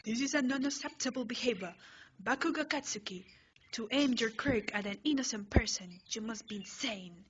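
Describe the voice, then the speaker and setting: A woman's voice: a little high, moderate pace, hardly any pauses, fairly bright tone, close to an everyday voice. Woman playing a stiff, formal class rep. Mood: stern. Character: strict, formal teenage boy class representative. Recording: slightly muffled home recording with faint hiss.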